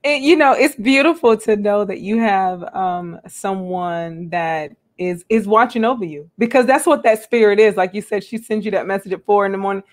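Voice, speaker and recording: A woman hosting a live online interview, earnest and halting with many ums, laughing often, over a video call. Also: medium pitch. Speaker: host.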